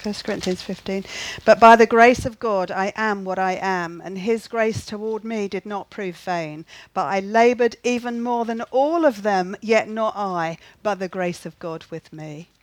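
A woman's voice: mid-range voice, measured pace, no room sound, rough recording. A woman preaching a sermon in an earnest way, repeating key phrases and often asking the listeners whether they see what she means.

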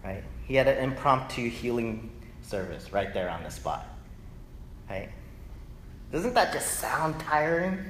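A male pastor preaching a lively, conversational sermon that keeps checking in with the congregation. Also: medium pitch, unhurried, long pauses. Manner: animated, conversational, often asks "right?". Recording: echoey hall, faint noise.

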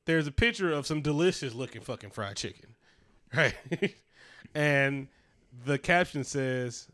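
A man's voice: medium pitch, animated, unhurried, fairly bright tone. A man co-hosting a casual chat, telling stories with lots of swearing and laughter. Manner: profane, laughing storyteller. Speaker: podcast co-host.

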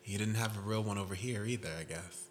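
A man acting out a gentle middle-aged male psychiatrist who reads a poem aloud to his patient. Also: on the low side, fast, slight background noise, natural voice.

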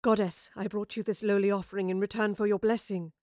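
A woman voicing a fierce warrior queen who speaks formally and quickly, pleading. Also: mid-range voice, level tone, darkish tone, no echo, clean studio sound, lightly acted. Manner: formal, gabbling, growled. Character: warrior queen, proud yet humbled and fierce.

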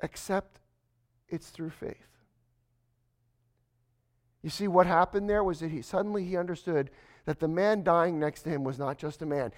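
A man preaching a sermon to a congregation, dropping to a hush and then building to slow, emphatic lines. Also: on the high side, steady tone. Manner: swings from hushed to emphatic, slows for stress. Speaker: pastor.

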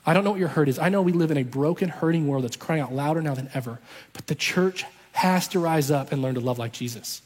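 Husky preacher in a reverberant hall. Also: male voice, on the high side, fast talker, a little mellow. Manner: impassioned storytelling with emphatic repetition. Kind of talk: sermon. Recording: long reverb of a large hall.

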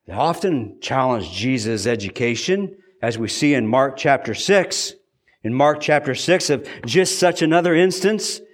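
A middle-aged male pastor preaching a sermon with emphasis, acting out the crowd's challenges. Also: fairly high pitch.

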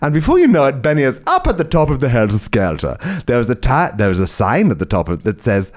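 A man reading absurd comic stories aloud, excitable and swearing, laughing at his own jokes. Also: mid-range voice, brisk, few pauses. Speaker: comedian storyteller. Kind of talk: comic story reading on a podcast.

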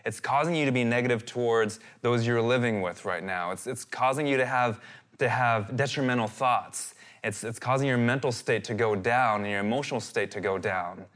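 A man's voice: medium pitch, normal speed. A man in his thirties preaching a sermon as a pastor, earnest and given to repeating his phrases. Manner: earnest, repeats phrases, animated when quoting.

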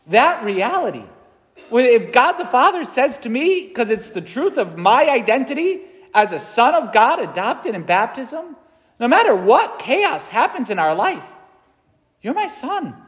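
A man's voice: very high voice, big pitch swings, a little slow, fairly bright tone. A man in his thirties, a priest giving a conversational, earnest sermon in a large church, often checking in with "right?". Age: 30s. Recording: long church reverb.

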